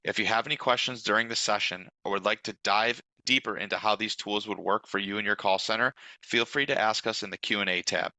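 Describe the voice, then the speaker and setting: Male demo host, low and bright-toned, polished, upbeat presenter. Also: fairly even intonation, a little fast, few pauses, no room sound, poor audio. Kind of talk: scripted product demo presentation.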